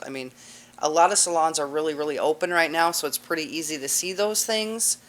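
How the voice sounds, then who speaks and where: A woman's voice: low voice, moderate pace. Woman, cosmetology teacher, classroom lecture, casual and chatty, filler words. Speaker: cosmetology instructor.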